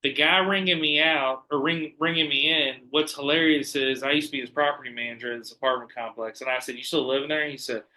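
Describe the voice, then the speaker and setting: A man telling lively stories in casual podcast chat, swearing freely and acting out the people he quotes. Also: medium pitch, fast talker, hardly any pauses, low-quality recording. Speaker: podcast guest.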